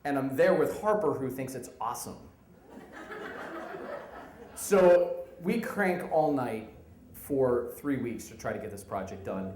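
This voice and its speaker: A man in his thirties telling a comic work story live on stage, animated, acting out the people in it. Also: mid-range voice, reverberant, low-quality recording. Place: stage in a venue.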